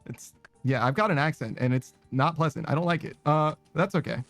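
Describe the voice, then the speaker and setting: A man's voice: fairly high pitch, a little fast, a bit bright, dry recording, faint music behind. A man chatting casually while streaming a game, rambling, swearing and laughing at himself. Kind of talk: casual chat while gaming.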